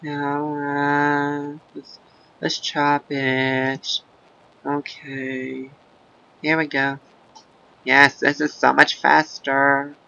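A man doing casual, rambling video game commentary in a gravelly, goofy put-on voice, breaking into silly sing-song chants. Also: fairly high pitch, monotone, very slow, pauses often, sharp tone, lo-fi sound. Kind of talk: casual let's-play commentary.

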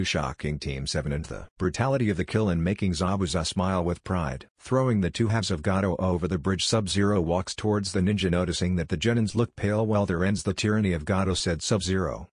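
A man reading a fan fiction story as scripted narration, in a steady, even way. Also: deep voice, husky, dry recording, clean studio sound.

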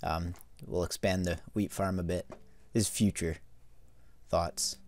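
A man's voice: deep voice, steady tone, measured pace, a little mellow. A man giving casual, rambling gameplay commentary with lots of fillers, yawning as he plays. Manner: rambling, easygoing, many fillers. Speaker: let's play host.

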